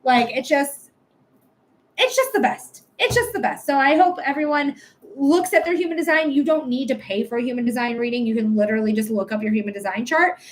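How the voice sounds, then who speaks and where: A young adult woman hosting a live psychic reading stream, chatting casually, swearing now and then and pitching her readings upbeat. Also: fast talker. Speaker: livestream psychic reader. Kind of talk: casual livestream chat.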